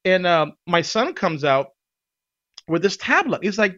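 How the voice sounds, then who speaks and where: A man casually telling a vacation story on a podcast, animated, often laughing and acting out what people said. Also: sits high, measured pace, lo-fi sound.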